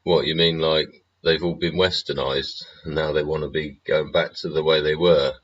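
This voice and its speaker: A man's voice: extremely low pitch, little pitch movement, normal speed, a little hiss or hum. A middle-aged man hosting a livestream, rambling and swearing through a profane monologue full of tag questions. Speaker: livestream host. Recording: muffled lo-fi stream audio.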